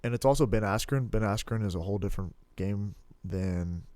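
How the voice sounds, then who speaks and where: Young male podcast talker, low-pitched, dry close sound, loose and rambling. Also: fairly quick, a little mellow, no room sound. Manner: rambling, full of "like" and restarts, blunt and profane. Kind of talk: casual podcast chat about fighting.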